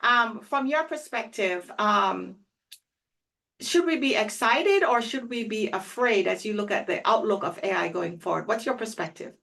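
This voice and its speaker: A woman hosts an interview conversation, asking her guest questions and wrapping up with upbeat, enthusiastic remarks. Her voice sits at a middling pitch. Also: lively intonation, normal speed, vocal fry, a bit bright. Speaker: interview host.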